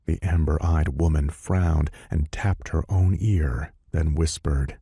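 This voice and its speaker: Deep, husky male audiobook narrator. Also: steady tone, slow, few pauses, warm tone, no room sound, clean studio sound. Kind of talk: scripted narration. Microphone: close studio mic.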